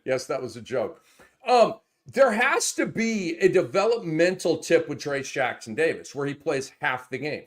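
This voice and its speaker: Excitable guy hosting a fantasy hoops show, voice bouncing way up and down, ranty and jokey. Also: a little high, normal speed. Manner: animated, swings from muttering to loud outbursts, swears. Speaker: fantasy basketball show host. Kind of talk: casual sports chat.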